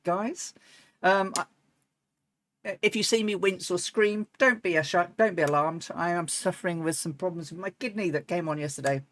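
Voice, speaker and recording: A woman's voice: lowish voice, a bit bright. Rambling flight-sim streamer woman. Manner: rambling, many ums and restarts; bursts into laughs and chants. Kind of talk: casual live-stream chat.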